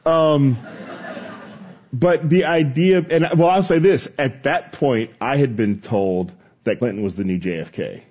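A man's voice: mid-range voice, a little slow, a little mellow, slightly rough, lo-fi sound. A man in his forties hosting an interview, with wry, joking asides. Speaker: host. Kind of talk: casual interview chat.

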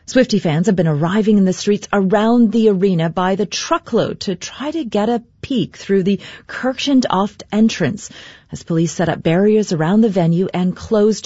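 Mellow, husky-toned woman reading news. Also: mid-range voice, dry recording, dull audio. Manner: measured, formal. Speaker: news anchor.

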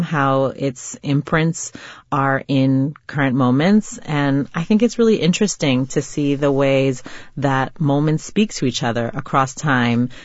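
A woman novelist answering interview questions in a reflective, earnest way, sometimes pausing to find words. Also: rumbling low, no echo. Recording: slightly dull lo-fi remote sound.

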